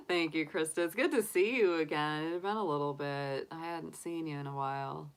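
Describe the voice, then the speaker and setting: A woman's voice: low-pitched, very animated, moderate pace, smooth. A middle-aged woman chatting casually on a livestream as a tarot reader, talking through her reactions and laughing often. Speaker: tarot reader answering live chat.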